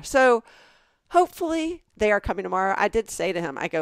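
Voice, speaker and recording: A middle-aged Southern woman, a podcast co-host, chatting and telling stories with lively quoted voices. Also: mid-range voice, a little fast, smooth, no echo, clean studio sound. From American South. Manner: animated storytelling with quoted voices. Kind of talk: casual chat.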